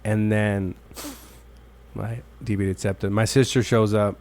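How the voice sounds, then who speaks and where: A man's voice: fairly low pitch, little pitch movement, measured pace, darkish tone, a little hiss or hum. A man hosting a podcast in casual chat, rambling, swearing freely and acting out the people in his stories. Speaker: podcast host.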